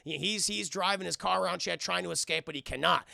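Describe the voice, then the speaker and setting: A man's voice: high-pitched, fast, creaky, pushed and bright, dry recording. A man recapping a cartoon on a livestream, rambling and swearing and talking straight to his chat. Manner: profane, rambling, talks to chat. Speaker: streamer and cartoon reviewer.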